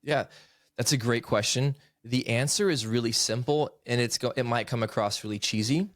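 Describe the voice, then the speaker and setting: A man's voice: medium pitch, normal speed, no echo, clean studio sound. A man in his thirties, a podcast guest and author, earnestly telling a personal story in casual conversation. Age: 30s.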